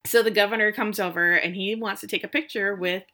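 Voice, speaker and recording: A woman's voice: medium pitch, steady tone, fairly quick, pushed and bright. A woman co-hosting a podcast, casually retelling scenes from a show with frank, salty asides. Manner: casual, frank retelling with swearing and acted quotes. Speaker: podcast co-host recapping a TV episode. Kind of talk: casual chat.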